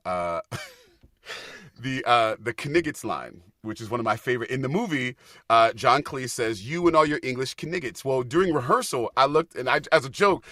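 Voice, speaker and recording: A man guest on a casual podcast chat, telling lively stories, acting out quotes and laughing often. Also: medium pitch, no room sound, studio quality. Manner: animated storyteller, acts out quotes, laughs often. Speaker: Broadway actor guest.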